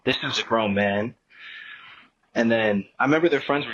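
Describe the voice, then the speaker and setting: A man's voice: medium pitch, moderate pace, a bit bright, highs cut off. A man guesting on a podcast, telling a long story in a rambling, profane, casual way and acting out what people said. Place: podcast studio.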